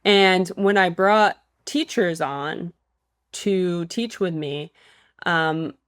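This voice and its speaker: A woman's voice: lowish voice, extremely slow, clean tone, no room sound, clean studio sound. A woman hosting a podcast and teaching voice, asking questions in a thoughtful, chatty way. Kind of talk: casual podcast interview.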